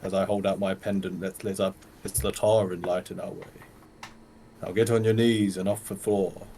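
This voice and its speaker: A pious cleric speaks in a slow, solemn, coaxing tone, as a man plays him at the table. His voice sits low, with faint ambient hiss behind it. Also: little pitch movement, warm tone.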